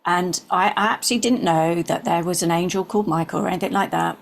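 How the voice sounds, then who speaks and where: Husky, gravelly older woman telling a story. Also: fairly low pitch, fairly even intonation, quick pace. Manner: earnest, drops into soft whispers. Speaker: interview guest. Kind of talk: personal storytelling.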